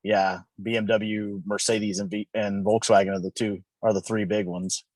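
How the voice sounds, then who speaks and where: A man co-hosting a podcast, chatting casually, opinionated and quick to correct how words are said. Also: on the low side, level tone, darkish tone, no echo. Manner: opinionated, fond of correcting pronunciation. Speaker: podcast co-host. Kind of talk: casual chat.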